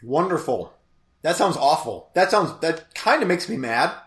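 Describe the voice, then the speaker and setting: Bright man with short dry reactions. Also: a little high, very animated, moderate pace. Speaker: podcast co-host. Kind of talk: casual chat.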